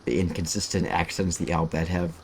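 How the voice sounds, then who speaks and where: A man's voice: low voice, flat delivery, a little fast, a little mellow, slight background noise. A man giving rambling, casual gameplay commentary, cursing freely as he plays. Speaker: streamer.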